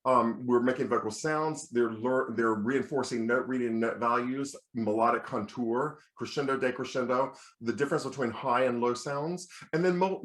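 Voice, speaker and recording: American man lecturing in a roomy space. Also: mid-range voice. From United States. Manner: explanatory, with restarts and listing. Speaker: choral music lecturer. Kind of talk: lecture on children's choir teaching. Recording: roomy echo.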